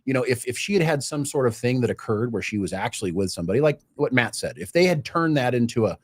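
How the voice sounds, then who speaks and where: A man's voice: mid-range voice, animated, fast talker, hardly any pauses, husky. A man in his forties co-hosting a casual panel chat, telling stories in a jokey way. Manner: storytelling, jokey, voices others' reactions. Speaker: co-host.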